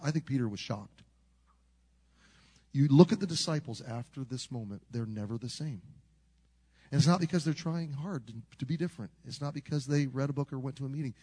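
An older man preaching a storytelling sermon, animated, swinging from loud to hushed, with a gravelly voice. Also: mid-range voice.

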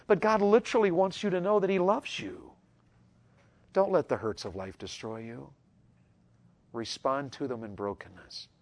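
A middle-aged man, preaching a sermon to young people in an earnest voice that swings from loud urging to hushed tenderness. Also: medium pitch. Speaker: pastor.

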